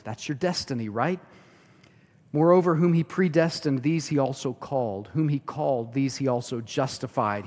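A male pastor preaching to his congregation in a mid-pitched voice. He pushes some lines out loud and emphatic, then sinks to soft, hushed phrases. The sound rings with a long hall reverb. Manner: swings from loud emphatic to hushed near-whispers. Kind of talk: sermon.

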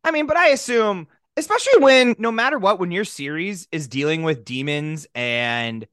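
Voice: medium pitch, animated, normal speed, a bit bright, dry recording, clean studio sound. A podcast co-host chatting casually, rambling through restarts and slipping into mock voices. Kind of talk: casual chat.

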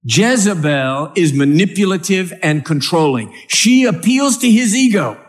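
Speaking a little slowly in a high voice, a male preacher gives a humorous sermon to a church audience that is there live. His storytelling is animated as he reads scripture and acts scenes out.

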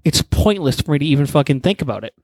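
A man's voice: on the high side, animated, fast talker, a little mellow, no room sound, clean studio sound. Stubborn, profane podcast co-host man. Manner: stubborn, profane, argumentative banter. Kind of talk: casual chat.

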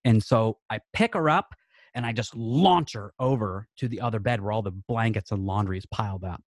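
Man in his late thirties, low voice, dry close sound, candid rambling storytelling. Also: moderate pace, no room sound. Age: late 30s. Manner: earnest, rambling, heavy use of "like" and restarts. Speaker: podcast guest, coach.

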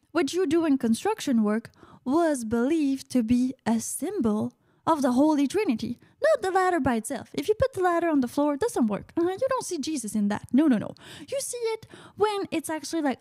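Chatty female radio host, high-pitched and playful, dry close mic. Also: mellow, dry recording. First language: French. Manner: playful, chatty, sprinkles "uh-huh" affirmations. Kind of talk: casual radio monologue.

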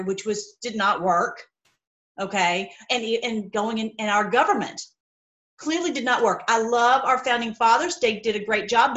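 A woman's voice: mid-range voice, fairly bright tone, poor audio. A woman giving a casual, rambling Bible teaching, talking straight to her viewers and acting out the people she quotes.

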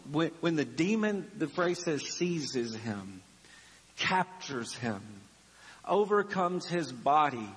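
Male pastor, high voice, slow measured sermon delivery, dramatic, church-hall reverb. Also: fairly bright tone. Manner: dramatic, acts out the biblical voices. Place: church sanctuary.

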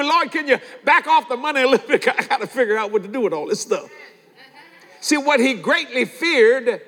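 An older man preaching a sermon as pastor, telling stories with animated delivery and acting out voices. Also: very high voice, a little fast. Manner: animated, storytelling with laughter and acted-out voices. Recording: long hall reverb.

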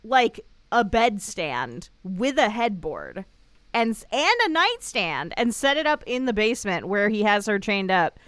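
A woman co-hosting a podcast, telling the story in a wry, rambling way with lots of fillers. Her voice is smooth and clear, and it swings up and down with plenty of life. The sound is dry and close. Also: mid-range voice, very animated, a little slow, a bit bright, no room sound. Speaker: podcast co-host. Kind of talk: casual chat recap.

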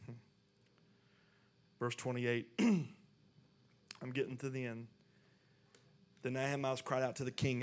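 A man's voice: medium pitch, level tone, unhurried, long pauses. A man preaching a sermon, reading scripture aloud and then pressing his point with rising intensity. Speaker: pastor.

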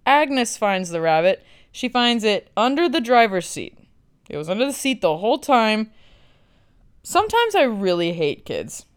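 A woman's voice: a little high, very animated, measured pace, smooth. Blunt, sarcastic woman podcast host. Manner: blunt, sarcastic, swears freely. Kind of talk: casual film recap.

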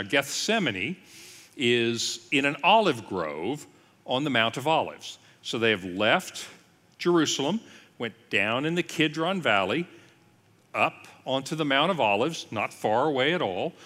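Animated, bright-voiced pastor in a hall. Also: male voice, medium pitch. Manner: lively storytelling with asides and voiced quotes. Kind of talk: sermon-style Bible teaching.

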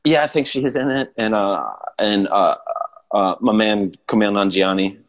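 A young man chatting casually, relaxed and rambling, chuckling now and then. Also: fairly low pitch, measured pace, highs cut off. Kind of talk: casual chat.

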